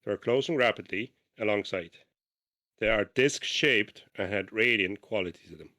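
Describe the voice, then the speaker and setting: Low-voiced man reading a diary haltingly. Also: pushed and bright. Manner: reads haltingly with restarts, breaks off to comment. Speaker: podcast co-host. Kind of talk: casual podcast chat, reading a diary aloud.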